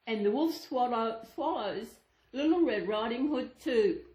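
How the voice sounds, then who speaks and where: A woman's voice: a little high, animated, measured pace, a little mellow. A woman channel host reading a children's storybook aloud to her dolls, sing-song with chatty asides. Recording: echoey room.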